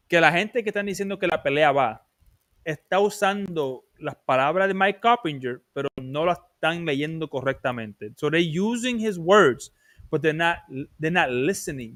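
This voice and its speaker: A man with a high-set voice hosts a casual boxing livestream, flipping between English and Spanish as he argues his point with real heat. The sound is dry and close, with no room around him. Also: fairly bright tone, dry recording. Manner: heated, emphatic, switches between English and Spanish. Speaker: livestream boxing show host.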